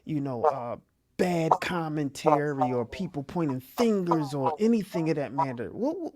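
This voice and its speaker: A man's voice: on the high side, darkish tone. A man hosting a talk show, chatting in a laid-back way with loose slang and rambling questions. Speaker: host. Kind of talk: casual talk show chat.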